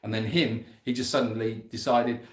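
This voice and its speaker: A man telling a lively story about chasing animals on his farm, often laughing as he talks. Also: mid-range voice, normal speed, reverberant. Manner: animated, breaks into laughter, rising voice as story builds. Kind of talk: casual storytelling to camera.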